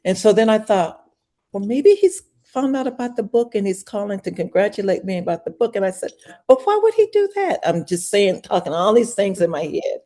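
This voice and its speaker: An older woman, a podcast guest, telling an animated story in a casual interview and acting out every voice in it, from hushed to shrieking. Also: mid-range voice, brisk.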